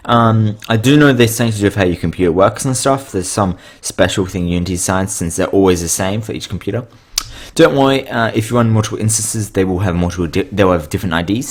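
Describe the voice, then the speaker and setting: A man with a slightly low voice talks through a coding tutorial in a loose, rambling way. He sounds tired and is losing his voice, and he keeps stumbling, restarting and filling gaps with ums. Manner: rambling, frequent fillers and self-corrections. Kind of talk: casual screen-share coding tutorial.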